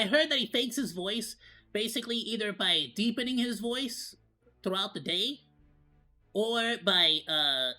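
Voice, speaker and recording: Vtuber guy doing a bright squeaky monkey voice, rambly reaction chat. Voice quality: put-on high cartoonish monkey voice. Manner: rambling, lots of fillers and restarts. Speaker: VTuber streamer. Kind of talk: casual reaction stream.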